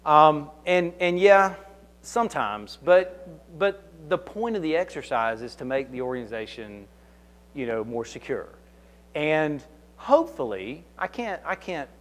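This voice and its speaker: A man with a Southern US accent, a security consultant answering audience questions at a conference in a conversational, anecdotal way, often restarting his sentences. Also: medium pitch. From Kentucky. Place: conference hall.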